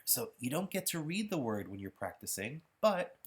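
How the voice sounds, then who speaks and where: A man giving a patient, explanatory pronunciation lesson while walking through practice software. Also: mid-range voice, big pitch swings, moderate pace. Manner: patient, explanatory, self-correcting. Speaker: pronunciation instructor. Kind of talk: software demonstration tutorial.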